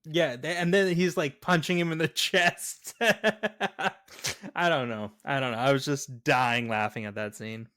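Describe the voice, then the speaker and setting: Podcast co-host, man with a slightly high voice, chatty, animated movie-chat host who plays out the lines. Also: a little slow.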